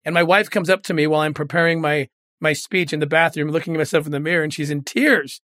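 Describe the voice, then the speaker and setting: An earnest middle-aged man speaks in a fairly high voice, recounting hard memories with open feeling as an interview guest. The sound is dry and close, with no room around it. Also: fairly even intonation, fast, a bit bright, no room sound. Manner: earnest, emotional, retells quoted dialogue. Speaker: former federal agent, interview guest. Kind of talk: candid interview storytelling.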